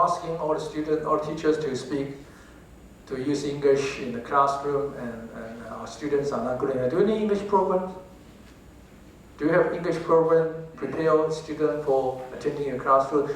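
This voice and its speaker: A man with a Taiwanese accent gives a lecture to teachers, often asking the audience rhetorical questions and repeating his words. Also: on the high side. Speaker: professor giving a talk on English teaching. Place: large lecture hall. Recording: very echoey hall, distant from the mic, faint noise.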